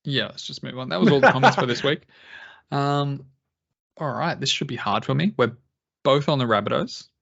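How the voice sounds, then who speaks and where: A man's voice: mid-range voice, expressive, fairly quick, creaky, a bit bright, muffled recording. An Australian man co-hosting a casual sports podcast, swearing freely, joking and reading listener comments aloud. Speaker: podcast co-host.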